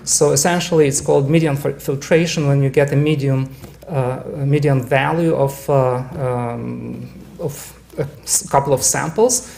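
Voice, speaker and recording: Halting man giving a club talk. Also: medium pitch, fairly even intonation, gravelly, darkish tone, slight background noise. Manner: halting, many fillers and restarts. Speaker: club presenter. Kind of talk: casual club presentation. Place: club meeting room.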